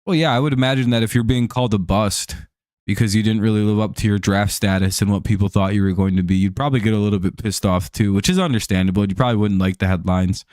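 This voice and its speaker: Rambling, profane American streamer. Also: male voice, fairly low pitch, fairly even intonation, fast, darkish tone, no room sound, studio quality. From United States. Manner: rambling, profane, heavy on fillers. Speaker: live stream host. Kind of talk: casual chat over a live baseball game.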